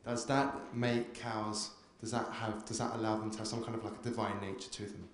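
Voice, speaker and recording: Male moderator, low flat voice, halting questions, heard far off in a roomy space. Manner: halting, searching for words. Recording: echoey room, far from the mic with noise.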